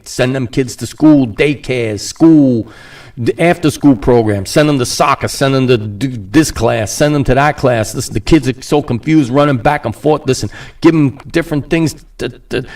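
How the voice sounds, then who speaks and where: A man in the middle of a loose podcast rant, sarcastic and rambling, with a voice of ordinary pitch for a man. He mimics other people mockingly and breaks into laughter now and then. He sits a little back from the mic. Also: darkish tone, distant mic. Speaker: podcast host. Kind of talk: casual ranting monologue.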